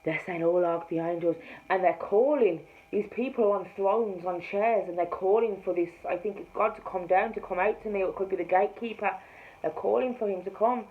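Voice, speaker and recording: A woman with a Jamaican-tinged accent, a tarot reader, telling her spiritual testimony to camera in an emphatic storytelling manner, swinging between hushed and loud. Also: medium pitch, fairly quick. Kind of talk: personal testimony told to camera. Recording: slightly dull recording with faint room ambience.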